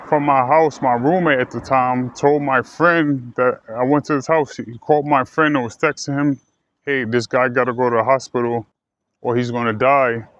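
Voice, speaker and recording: Halting man telling a personal story. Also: mid-range voice, a bit bright. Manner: halting, repeats himself, many fillers. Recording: dull, dry lo-fi sound.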